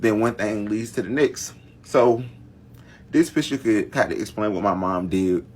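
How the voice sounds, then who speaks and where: A man's voice: on the low side, unhurried, a little mellow, husky. A man telling a long family story in casual storytime fashion, dramatic and talking straight to his viewers. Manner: dramatic, addresses viewers directly. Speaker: storytime vlogger.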